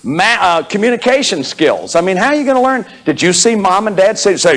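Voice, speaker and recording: This is a man in his fifties giving a lecture on therapy to an audience. His voice sits a little high and jumps around a lot. He acts out his examples, laughs often, and repeats words as he restarts his thoughts. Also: sing-song, fairly quick, hardly any pauses, fairly bright tone, low-quality recording. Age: 50s. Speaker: therapist lecturing on inner child work.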